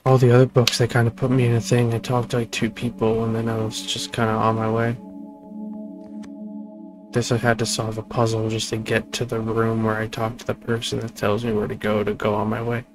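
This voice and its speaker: A man's voice: fairly low pitch, monotone, fairly quick, over music, poor audio. A man hosting a gaming channel, reading a text adventure aloud and breaking off for casual asides about the game. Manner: reads game text, then chats in asides.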